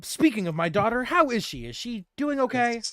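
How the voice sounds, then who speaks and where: A man voicing a tiny, gruff gnome king who is a proud and protective father, indignant and blustering. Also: very high voice, sing-song, brisk, fairly bright tone, no echo, studio quality, voice pushed up, heavily acted.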